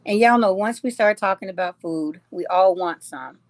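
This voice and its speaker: Hosting a relaxed live chat, a woman reads viewer comments out loud, pokes fun at her audience, and laughs a lot. She speaks at normal speed in a mid-range voice, with no room sound.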